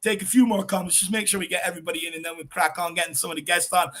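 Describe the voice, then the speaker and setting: A man with an Irish accent co-hosting a fan show, chatting casually and reading out viewer comments with shout-outs. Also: high voice, steady tone, rapid-fire. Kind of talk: casual live-stream chat.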